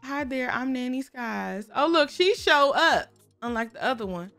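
A woman with a fairly high voice talks through her game in a loose, chatty way. She exclaims often and talks to viewers and to the characters on screen, with speech. Faint music plays behind her. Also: lively intonation, moderate pace, a bit bright. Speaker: gaming YouTuber. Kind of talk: casual game commentary.

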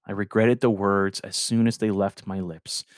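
A man reading a novel aloud in the first person, with expressive narration. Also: on the low side, moderate pace, no room sound, studio quality. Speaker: audiobook reader. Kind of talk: audiobook narration.

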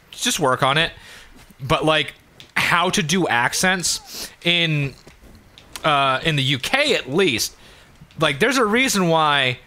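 A man's voice: fairly high pitch, pushed and bright. A man hosting a let's play, rambling in a loose and profane way with many fillers. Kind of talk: casual commentary while gaming.

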